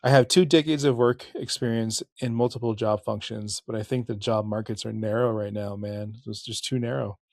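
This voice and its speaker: A man's voice: on the low side, fairly even intonation, moderate pace, creaky, hardly any pauses, a little mellow, dry recording, clean studio sound. A middle-aged man hosting a podcast, talking casually and candidly, cursing, restarting sentences and correcting himself as he moves into history narration. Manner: rambling, candid, curses, frequent restarts and self-corrections. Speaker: podcast host.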